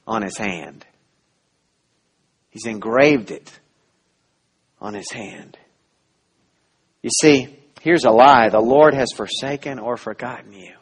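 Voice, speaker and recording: A man preaching a sermon as pastor, earnest and full of restarts, rising to loud emphasis and dropping to soft, quiet lines. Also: mid-range voice, husky.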